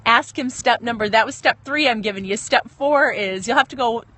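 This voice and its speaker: A woman in her thirties talks into a phone camera on a devotional livestream, with a voice a little higher than most. She sounds earnest and chatty and breaks off now and then to greet viewers by name. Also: fairly quick, pushed and bright. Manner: earnest, chatty, reads viewer comments aloud. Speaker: Christian livestream host. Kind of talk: casual devotional livestream talk.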